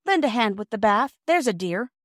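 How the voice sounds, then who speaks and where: A woman's voice: fairly high pitch, very animated, moderate pace, no room sound, clean studio sound. A woman doing a bubbly young girl. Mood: playful. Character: eager young girl, playful and bossy.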